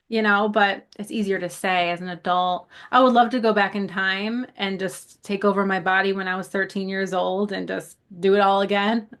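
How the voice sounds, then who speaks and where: Ny woman on a podcast, rambly storyteller, cusses easy, mid pitch. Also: fairly even intonation, moderate pace, a bit bright. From South Buffalo, New York. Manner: rambling storyteller, swears casually, laughs often. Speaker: podcast co-host. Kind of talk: casual chat.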